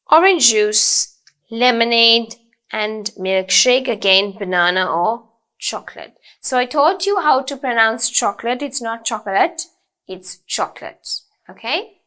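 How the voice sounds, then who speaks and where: A woman teaching English, speaking slowly and clearly and often checking in with "okay?". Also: fairly high pitch, animated, sharp tone. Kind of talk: slow, deliberate teaching with examples.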